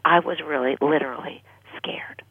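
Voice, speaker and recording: An older American woman tells her personal story as a radio interview guest. She speaks earnestly and often sinks to a breathy near whisper. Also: deep voice, moderate pace, a little hiss or hum. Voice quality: husky, gravelly, breathy. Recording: dry tinny phone-line radio sound.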